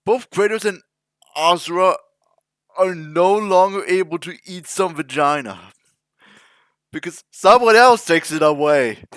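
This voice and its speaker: A man's voice: high voice, measured pace, long pauses, a bit bright, smooth, no echo. A man hosting a reaction video, chatting casually with jokes and rambling asides. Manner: rambling, joking, trails into mock-emotional mumbling.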